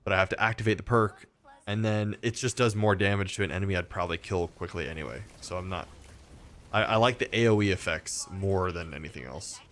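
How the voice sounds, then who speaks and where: A man's voice: deep voice, brisk, a bit bright, slight background noise. A man from Texas, a gaming streamer, rambling through a story in casual chat with lots of fillers and restarts.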